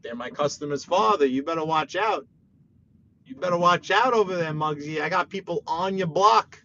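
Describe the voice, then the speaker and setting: A man chatting with his live viewers while driving, joking and teasing in an animated way. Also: on the high side, normal speed. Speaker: live-streaming driver. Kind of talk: casual live-stream commentary while driving. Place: inside a moving car. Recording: dull lo-fi car audio with faint road noise.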